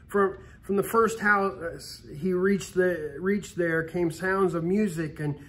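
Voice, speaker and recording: Storyteller: a high-voiced man reading aloud with a steady pace and the odd restart. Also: slow pace. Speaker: story reader. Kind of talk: read-aloud Christmas story.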